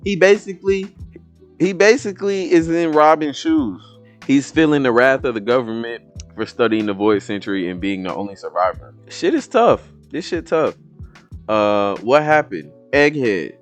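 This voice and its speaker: A man hosting a casual comic reaction video, talking to viewers in a swearing, animated way. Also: medium pitch, moderate pace, faint music behind. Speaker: reaction channel host.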